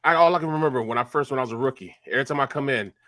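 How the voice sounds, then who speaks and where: A man's voice: mid-range voice, racing, a bit bright, no room sound, clean studio sound. A man who used to play pro football, chatting on a sports talk panel and telling stories with a lot of "you know". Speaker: former player panelist.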